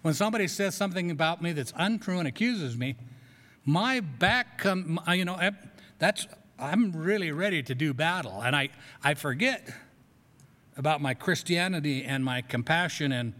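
A man's voice: a little high, animated, unhurried, a bit bright. A male pastor giving a conversational, self-deprecating sermon in a church. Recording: long echo of a large hall.

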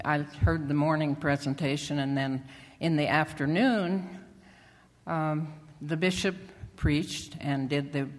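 Lay speaker at a church pulpit, very slow, halting with fillers, long church-hall reverb. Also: mid-range voice. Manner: halting, with many fillers and restarts. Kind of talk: church testimony and announcements.

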